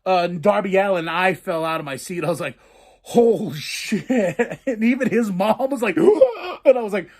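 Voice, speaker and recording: A man hosting a podcast, casually reviewing wrestling matches in an excitable, profane way, acting out his own reactions. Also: sits high, a little fast, few pauses. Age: adult with a daughter. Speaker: podcast host.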